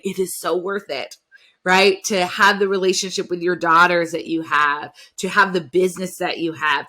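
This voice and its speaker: A woman hosting a podcast interview, reflective and affirming, with frequent soft murmurs of agreement. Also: lowish voice. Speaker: podcast host.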